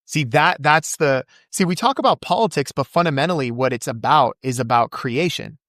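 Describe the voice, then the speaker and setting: A man speaking as a podcast guest in casual conversation, fervent and quick to recite scripture from memory. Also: a bit bright, no room sound, clean studio sound. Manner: acts out quoted voices with big pitch jumps.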